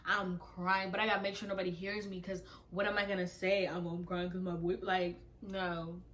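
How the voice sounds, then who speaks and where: A woman's voice: on the low side, normal speed. A young woman telling a casual storytime vlog, acting out her own texts and going off in heated bursts. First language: Nigerian heritage, speaks English. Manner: animated, acts out her texts and goes off in bursts.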